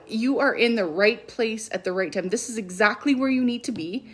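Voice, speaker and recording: A woman's voice: fairly high pitch, normal speed, husky. A woman in her thirties speaking as a spiritual coach on a livestream, earnest and emphatic, with casual swearing. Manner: animated when quoting her kids. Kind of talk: livestream talk.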